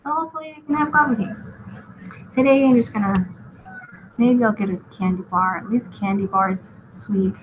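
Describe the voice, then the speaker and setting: A woman chatting casually as she draws on a live stream, rambling and often laughing at herself. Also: mid-range voice. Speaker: artist streaming a drawing session. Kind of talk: casual chat while drawing. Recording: lo-fi with clear background noise.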